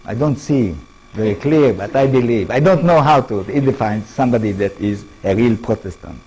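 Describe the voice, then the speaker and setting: A man with an Israeli accent giving a lecture to an audience in halting English, often restarting words and checking in with his listeners. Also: medium pitch, lively intonation, dark tone, breathy edge, rough recording. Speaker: author giving a public talk.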